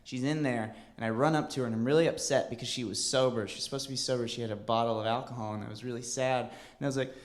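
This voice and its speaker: A man's voice: medium pitch, fairly even intonation, quick pace, hardly any pauses. A man telling a rambling, self-deprecating story on a comedy stage, with many hesitations. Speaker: stand-up comedian. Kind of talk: stand-up storytelling.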